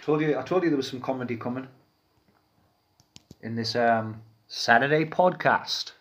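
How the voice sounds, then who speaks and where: A man from Peterlee, England, with a North East English accent, co-hosts a podcast full of casual, rambling, jokey banter. His mid-range voice is fairly bright and moves at normal speed.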